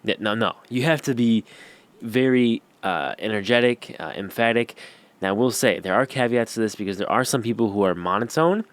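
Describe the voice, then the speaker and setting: Young male YouTube coach, lowish voice, casual filler-heavy delivery to camera. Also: lively intonation, a little fast, a bit bright. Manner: rambling, filler-heavy, slangy. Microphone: camera-facing.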